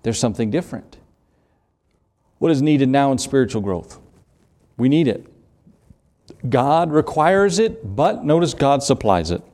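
A man's voice: medium pitch, sing-song, dark tone. Man preaching with a Southern accent. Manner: earnest, conversational preaching with quick asides. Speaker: pastor. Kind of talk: sermon.

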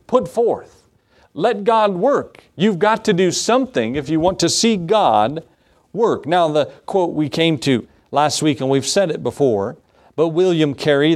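A middle-aged man, a pastor, preaching a sermon that moves between scripture reading and folksy personal stories. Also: on the high side.

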